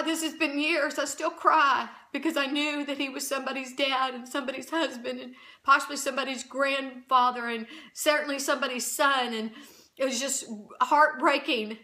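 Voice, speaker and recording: Bright-voiced woman giving emotional testimony. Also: high-pitched, steady tone. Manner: earnest, emotional, halting with restarts. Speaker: Christian channel host. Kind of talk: personal testimony.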